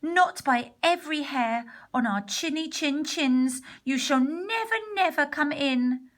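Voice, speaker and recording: A woman voicing small young male pigs in a storybook reading, high and emphatic. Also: expressive, a little slow, fairly bright tone. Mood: squeaky.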